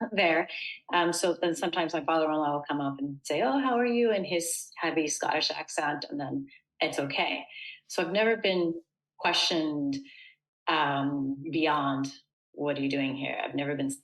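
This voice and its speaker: Low-voiced woman, earnest interview guest. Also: steady tone, unhurried, fairly bright tone, low-quality recording. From United States. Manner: thoughtful, earnest, with frequent fillers. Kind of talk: casual interview conversation.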